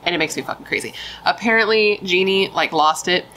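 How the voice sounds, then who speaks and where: A woman's voice: fairly low pitch, brisk, bright, forceful tone, slight background noise, rough recording. A young woman casually telling a true crime story, emphatic and chatty, swearing and saying dude and like.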